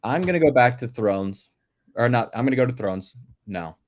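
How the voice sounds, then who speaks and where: A man's voice: medium pitch, expressive, moderate pace, darkish tone. A man co-hosting a podcast in casual movie chat, enthusiastic, laughing often and trailing into fillers. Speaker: podcast co-host.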